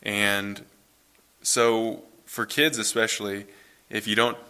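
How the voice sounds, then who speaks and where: A man in his thirties, a pastor, reading scripture and then preaching in a relaxed, conversational way in a church. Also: fairly low pitch, takes it slowly, clear, resonant tone. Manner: conversational, relaxed, self-correcting.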